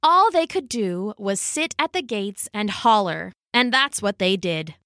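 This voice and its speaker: A woman narrating a storybook aloud with a lively, swooping melody and a slow, unhurried pace. Her voice is bright and clear, recorded dry and close. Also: medium pitch, dry recording.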